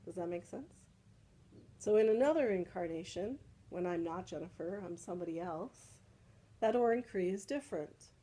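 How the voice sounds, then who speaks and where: A woman's voice: lowish voice, expressive, normal speed, warm tone, low-quality recording. A woman leading a casual salon discussion, explaining patiently and often checking in with "right?". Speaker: spiritual teacher leading a salon. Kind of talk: casual group discussion teaching.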